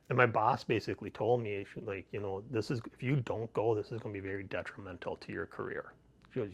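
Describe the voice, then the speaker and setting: With a steady, lowish voice and a quick pace, this middle-aged podcast host and guest rambles through personal stories in a casual interview setting. He keeps restarting his sentences and laughing.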